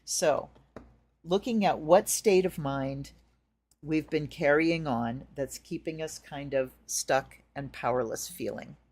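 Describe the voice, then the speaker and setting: A woman's voice: low-pitched, takes it slowly, a little mellow. A middle-aged woman giving a casual tarot reading, chatty and storytelling, acting out the things people say. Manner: chatty, storytelling with acted-out quotes. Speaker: tarot reader.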